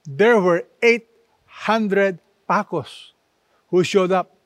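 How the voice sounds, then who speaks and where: Slow, high-voiced male preacher. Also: dry recording. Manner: slow, deliberate preaching with emphatic phrases. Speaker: pastor. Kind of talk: sermon.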